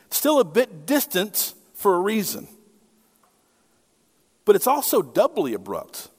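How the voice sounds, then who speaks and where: A middle-aged male pastor with a high-sitting voice preaches a sermon conversationally, often asking his listeners rhetorical questions. The recording carries a long hall reverb.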